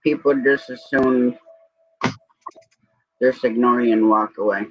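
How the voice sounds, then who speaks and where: A man's voice: mid-range voice, fairly even intonation, a little slow, dry recording. A man chatting easygoing and joking on a live stream. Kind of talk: casual chat on a live stream. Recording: slightly dull lo-fi audio.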